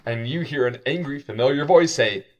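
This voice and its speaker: A man's voice: mid-range voice, moderate pace, highs cut off. A man running a tabletop game as game master, laughing often and talking with many fillers.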